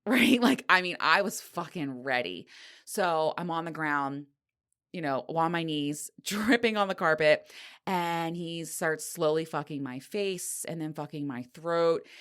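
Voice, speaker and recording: A middle-aged woman with a low voice hosts her own podcast alone. She talks frankly and breathlessly, laughing and sighing as she goes. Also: fairly bright tone. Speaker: podcast host. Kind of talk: candid solo podcast monologue.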